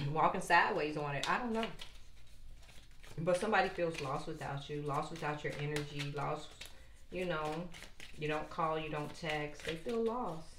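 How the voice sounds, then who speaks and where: A woman's voice: sits low, a bit bright. Older woman, tarot reader, chatty and playful, echoey room with faint background hiss. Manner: playful, chatty, sing-song asides. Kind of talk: casual tarot reading to viewers.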